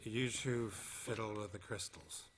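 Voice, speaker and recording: An actor playing a gruff, stoic male monster hunter in a video game, speaking in a terse, dry way. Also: fairly low pitch, fairly even intonation, unhurried, slight background noise, close to an everyday voice.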